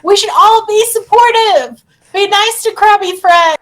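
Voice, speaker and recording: A woman's voice: extremely high pitch, unhurried, fairly bright tone, voice pushed up, rough recording. A woman voicing a cheery, naive female adventurer in a gushing, sing-song manner.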